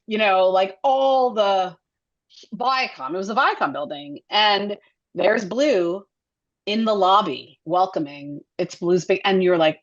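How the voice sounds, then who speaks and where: A woman who directs and produces children's television, chatting as an interview guest in a chatty, animated way with many fillers. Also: mid-range voice, moderate pace, lo-fi sound. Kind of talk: casual interview chat.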